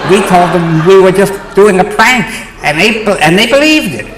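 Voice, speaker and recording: A man's voice: high voice, animated, normal speed, noisy background, voice pushed up. An older man with a New York accent putting on the nasal voice of a young male radical taking over the airwaves. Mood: gloating. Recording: roomy theater sound with faint ambience.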